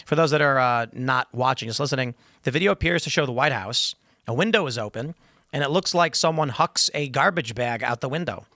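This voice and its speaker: Bright-voiced man hosting political talk. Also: medium pitch. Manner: animated, mocking, talks fast in bursts. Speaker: podcast host. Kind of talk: political talk show commentary.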